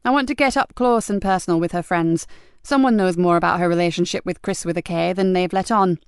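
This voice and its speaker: Woman doing a tough blunt lady detective, clear voice, talks brisk. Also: fairly low pitch, no echo, studio quality, natural voice. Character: sharp, tough female detective inspector.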